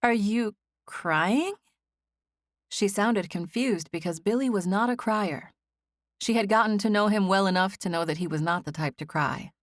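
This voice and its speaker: A woman narrating a novel as an audiobook in a gentle, even first-person storytelling style. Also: mid-range voice, moderate pace, dry recording, clean studio sound.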